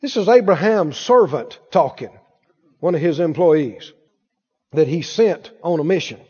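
Fervent high-pitched male preacher. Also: lively intonation, a little slow, mellow, husky. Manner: fervent preaching with repeated declarations. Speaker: pastor. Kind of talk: sermon. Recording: dull sound in a reverberant hall.

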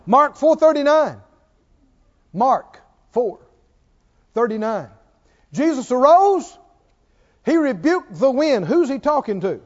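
High, lively-voiced man preaching slowly. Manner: emphatic, asks the audience rhetorical questions; stretches out key words for emphasis. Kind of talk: sermon. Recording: reverberant, dull lo-fi church recording.

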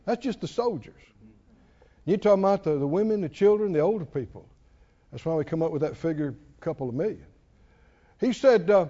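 A man preaching a sermon, emphatic and animated, who laughs at his own asides. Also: fairly high pitch, a little fast. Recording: long hall reverb, dull sound.

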